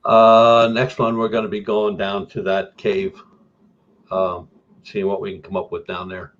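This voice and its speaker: A man's voice: lowish voice, level tone, measured pace, fairly bright tone, muffled recording. A man who is a guest on a radio show, answering briefly and plainly about his next investigation. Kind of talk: casual chat.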